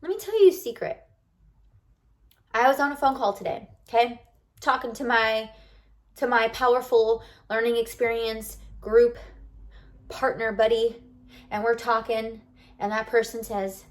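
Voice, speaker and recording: A woman's voice: a little high, steady tone, normal speed, long pauses. A bubbly woman vlogger talking casually and animatedly straight to her viewers. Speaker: lifestyle vlogger. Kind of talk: casual chat to camera.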